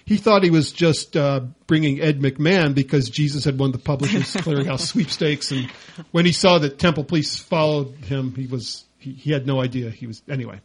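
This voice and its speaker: A man's voice: mid-range voice, normal speed, slightly rough. A man hosting a radio talk show, joking through a comedy list with a playful, laughing manner.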